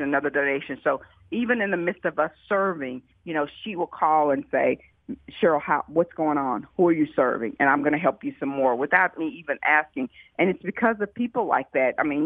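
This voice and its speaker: Excited woman on a tinny phone-like line. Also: sits low, a little fast, no echo. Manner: excited, animated storytelling with quoted dialogue. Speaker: food pantry founder. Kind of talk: storytelling in an interview.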